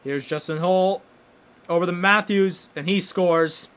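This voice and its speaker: A young man hosting a live hockey watchalong, calling the play-by-play casually and breaking into loud excited exclamations. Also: sits high, a little slow, clean tone. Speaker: watchalong host.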